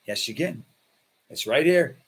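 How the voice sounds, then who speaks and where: A man's voice: medium pitch, measured pace, creaky, husky. A man preaching as pastor, telling stories and acting out the voices of people in them. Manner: animated, acts out voices in his stories. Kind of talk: sermon with storytelling.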